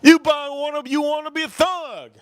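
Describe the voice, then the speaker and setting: A man putting on a shrill nerdy school counselor. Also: fairly even intonation, moderate pace, no echo. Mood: exasperated scolding. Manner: pleading, scolding, high-pitched. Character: skinny nerdy male school counselor, exasperated.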